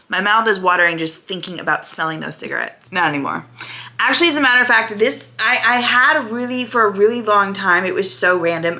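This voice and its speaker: A woman's voice: lowish voice, bright, forceful tone. A woman in her thirties talking candidly and emotionally in a casual reaction vlog to her channel's viewers. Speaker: vlogger.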